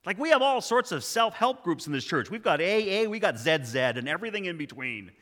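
A man voicing a defensive woman preacher who protests loudly and quickly. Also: high-pitched, big pitch swings, pitched above the performer's own voice. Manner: raised, rushed, protesting. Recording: long hall reverb.

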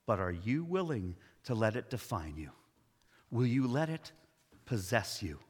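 A man voicing Jesus, speaking slowly and deliberately with tenderness and authority. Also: medium pitch, a bit bright, husky, heavily acted. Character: Jesus, gentle but commanding man. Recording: long hall reverb.

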